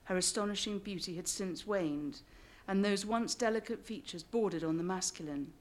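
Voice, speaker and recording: An English woman reads from her own memoir to a live audience. Her pitch sits in the middle of the range, and she breaks off now and then for dry, joking asides. She tells the story in a wry, anecdotal way. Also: moderate pace. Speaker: author.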